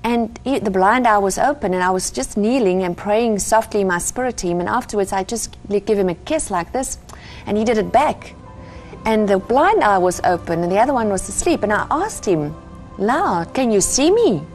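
A woman's voice: mid-range voice, expressive, fairly quick, a little mellow, soft background music. Earnest woman sharing testimony. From South Africa. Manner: earnest, fervent storytelling. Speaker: interview guest. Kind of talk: personal testimony in conversation.

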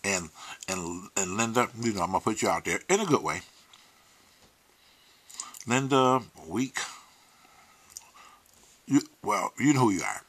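Guy on a livestream talking real slow, bright edgy voice, emotional, swears a lot. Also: lowish voice, animated, breathy edge. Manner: emotional, candid, profane, drops to near-whispers. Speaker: host. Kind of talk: casual livestream monologue.

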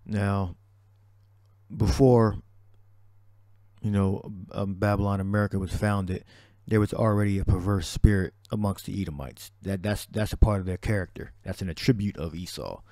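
A man's voice: deep voice, fairly even intonation, normal speed, mellow, no echo, studio quality. A man teaching scripture and commenting on a news clip, talking in a loose, repetitive way with many restarts. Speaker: religious teacher. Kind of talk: preaching commentary on a video.

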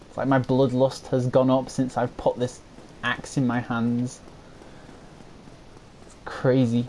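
Slow-talking playful let's play gamer. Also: medium pitch, a little hiss or hum. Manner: playful, giggly and swearing; excitable outbursts during fights. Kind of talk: casual gaming commentary.

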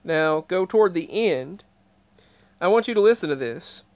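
A man's voice: high-pitched, expressive, normal speed, a little mellow, dry recording. A man talking casually to his viewers, rambling with frequent restarts and pointing them to what is on the screen. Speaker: video creator. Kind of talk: casual talk to camera.

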